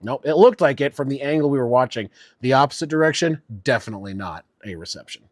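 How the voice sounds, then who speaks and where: A man's voice: mid-range voice, lively intonation, fast, no echo, clean studio sound. Fired-up man calling football from home. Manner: casual, swears freely, gets worked up over calls. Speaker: streamer doing live play-by-play. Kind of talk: live sports play-by-play and reactions.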